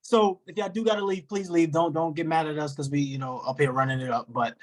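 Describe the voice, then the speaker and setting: Animated host on a group video call. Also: a little fast. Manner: animated, shifting pitch, slangy, talks to the group directly.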